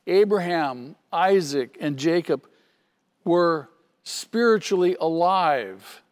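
Pastor, male, slightly higher voice, emphatic sermon delivery, long reverb of a big room. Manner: earnest, emphatic preaching with repetitions.

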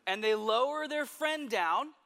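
Guy preaching a sermon, high bright voice, tells the stories lively then goes real quiet. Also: a little slow, vocal fry. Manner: storytelling, with sudden drops to a hush.

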